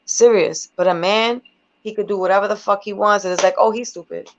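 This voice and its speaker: A woman's voice: mid-range voice, fairly even intonation, brisk, slight background noise. A woman rapper talking bluntly and emphatically in a casual interview, with plenty of profanity. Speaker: guest rapper. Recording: dull lo-fi recording.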